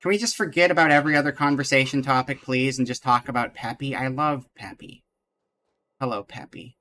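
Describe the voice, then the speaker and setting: A man's voice: mid-range voice, fast, bright, forceful tone. A man casually chatting to his viewers while he plays a game and reads its text aloud. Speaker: streamer. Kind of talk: casual live game commentary.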